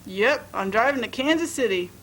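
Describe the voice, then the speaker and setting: A woman's voice: fairly high pitch, animated, normal speed, a bit bright. A woman voicing a brash young wife running off, who talks in breezy, boastful folksy slang. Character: brash young woman fleeing her marriage.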